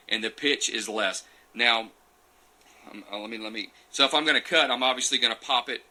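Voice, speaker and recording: A man's voice: mid-range voice, fast, sharp tone, low-quality recording. A man answering viewer questions in a loose, chatty live session, recorded on a phone. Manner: chatty, loose and digressive, reading out comments as he goes. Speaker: champion turkey caller answering viewer questions. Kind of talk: casual live Q&A and demonstration.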